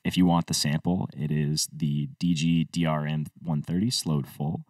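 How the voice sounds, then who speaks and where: A man's voice: extremely low pitch, steady tone, moderate pace, a little mellow, no echo, far from the mic. A man and music producer talking through a tutorial step by step in an easygoing way. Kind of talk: screen-recorded tutorial walkthrough.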